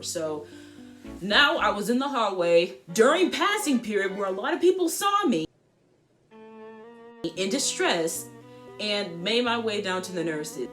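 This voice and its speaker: A teenage girl vlogger telling a school story in an animated, slangy way, full of asides. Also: mid-range voice, a little slow, pauses often, soft background music. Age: teens. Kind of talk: storytime vlog.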